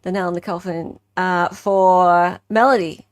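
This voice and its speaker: A woman's voice: fairly low pitch, steady tone, measured pace, no echo, studio quality. An Australian woman hosting a live stream, chatting casually in a playful, joking, self-mocking way.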